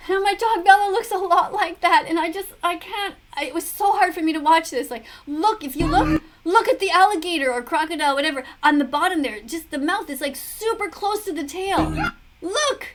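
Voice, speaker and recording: A woman's voice: very high voice, lively intonation, moderate pace, a little hiss or hum. A middle-aged woman giving preachy, earnest commentary on a video, full of rhetorical questions. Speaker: vegan commentator reacting to a video. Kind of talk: casual commentary to camera.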